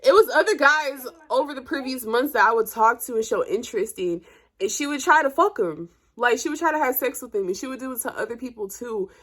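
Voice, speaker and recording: Young woman spilling a storytime to her viewers, blunt and cussing, voice jumps high when she's mad. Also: fairly quick. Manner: blunt, profane, talks straight to viewers; animated, voice jumps up when heated. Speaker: vlogger telling a story. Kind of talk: casual storytime chat.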